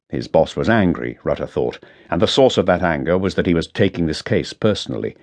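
A man narrating a crime novel audiobook in a dry, measured storytelling manner. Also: extremely low pitch. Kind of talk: scripted narration.

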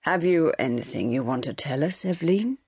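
A kindly middle-aged farmer father, voiced by a woman reading the book, calm and gentle as he reasons with his family. The voice sits lowish and unhurried. Dry, close audiobook sound. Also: husky, no room sound, exaggerated voice. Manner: gentle, slow, remonstrating.

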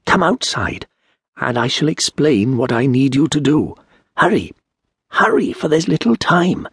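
A man's voice: on the high side, very animated, unhurried, breathy edge, dry recording, studio quality, voice pushed up, full character voice. A man voicing an old, secretive male stranger in a monk's habit, speaking in an urgent, pleading whisper.

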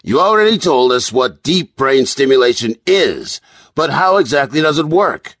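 A lively, upbeat talk-show host, as a male audiobook narrator puts him on, his pitch bouncing up as he asks eager questions. The voice is slightly husky, and the recording is close and dry. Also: moderate pace, no room sound.

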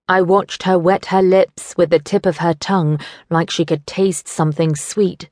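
A woman narrating a teen novel in first person, measured and wry. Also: fairly low pitch, fairly even intonation, darkish tone, no echo, clean studio sound. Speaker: audiobook narrator. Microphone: studio microphone.

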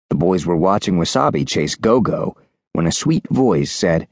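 A male audiobook narrator reading a children's story with lively, animated delivery. His voice sits on the low side and moves a lot, recorded close and dry. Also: normal speed, dry recording. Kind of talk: scripted narration.

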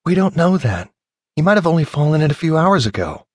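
A male narrator voicing a calm, practical woman of thirty-two, raising his voice for her. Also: fairly high pitch, fairly quick, no echo, pitched above the performer's own voice.

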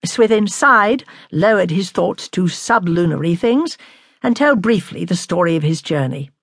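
A woman narrating a classic novel in a measured, expressive way. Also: on the low side, dry recording, clean studio sound. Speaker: audiobook narrator.

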